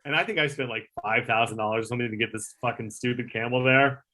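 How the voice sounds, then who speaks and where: A man's voice: mid-range voice, fast. A man who used to produce a talk show, telling a long backstage story in a casual, rambling way, with lots of fillers and some swearing. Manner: rambling, filler-heavy, animated retelling with swearing.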